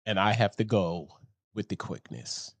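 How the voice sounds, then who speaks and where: A man's voice: fairly low pitch, very animated, unhurried, gravelly, no room sound. A man hosting a show, telling a story in a rambling, casual monologue and often laughing at himself. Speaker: show host.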